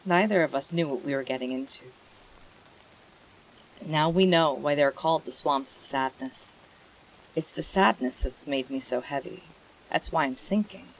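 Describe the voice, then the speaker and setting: A streamer reading a bedtime story aloud and chatting with viewers, in a gentle, emotional way. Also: medium pitch, normal speed, pauses often, rough recording.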